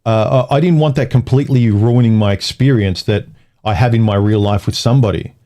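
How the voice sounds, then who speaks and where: A man's voice: on the low side, brisk, mellow. A man hosting a casual livestream, talking in loose, rambling phrases with frequent restarts. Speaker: livestream host.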